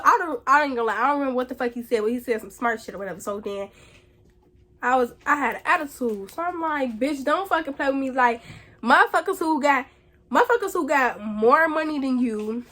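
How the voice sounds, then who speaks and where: High-voiced young woman, blunt and profane. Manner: blunt, profane and animated, slangy. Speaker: vlogger. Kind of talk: casual storytime.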